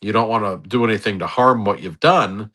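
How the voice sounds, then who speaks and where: A man's voice: lowish voice, brisk, bright, forceful tone. A man co-hosting a podcast, chatting casually and earnestly about hockey, often restarting his sentences. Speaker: podcast co-host. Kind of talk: casual sports chat.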